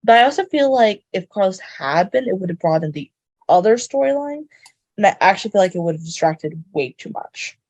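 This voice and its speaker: Lively woman with a mellow voice. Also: medium pitch, fairly quick, dry recording, lo-fi sound. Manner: lively opinionated commentary, laughs easily. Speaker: podcast co-host. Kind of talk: casual chat.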